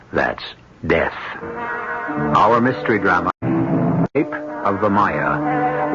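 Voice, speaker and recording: A low-voiced older man gives wry, measured narration for a radio mystery show, his pitch rising and falling widely around dramatic pauses. Music plays under him, and the sound is dull and lo-fi like an old broadcast. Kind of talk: scripted narration.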